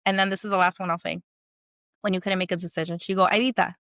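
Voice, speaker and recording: Dry close woman telling stories warmly. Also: lowish voice, fairly even intonation, fast talker, no echo. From Puerto Rican family. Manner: storytelling, mixes Spanish phrases, many fillers. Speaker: podcast guest. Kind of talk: casual podcast conversation.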